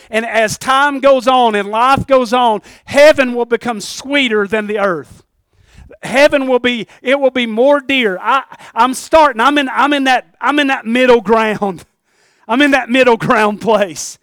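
A man preaching a sermon in an earnest, halting way, often repeating words and dropping low and quiet on tender lines. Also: fairly even intonation, clean tone, no echo.

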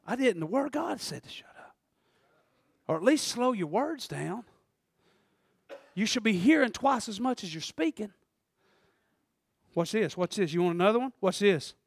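A man preaching a sermon in church, swinging from shouted passion to quiet, conversational asides and laughter. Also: high voice, sing-song, normal speed, gravelly, pauses often, no echo, studio quality. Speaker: pastor. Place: church service.

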